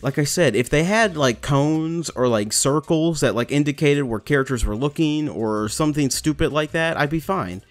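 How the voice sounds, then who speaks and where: A man's voice: on the high side, expressive, normal speed, hardly any pauses, faint music behind. A young man giving let's play commentary, frustrated and swearing as he rants about the game. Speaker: gamer.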